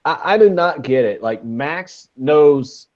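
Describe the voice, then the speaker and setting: A man's voice: a little high, expressive, slow pace, lo-fi sound. A man co-hosting a casual sports betting podcast, rambling and joking with lots of fillers. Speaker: podcast co-host.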